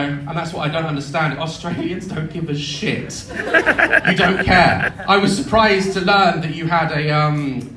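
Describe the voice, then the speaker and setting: A man in his thirties telling sweary, animated comic stories to a live audience in a theatre. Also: on the high side. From United Kingdom. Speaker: YouTuber on stage. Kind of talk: live comedy storytelling. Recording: echoey hall with crowd noise.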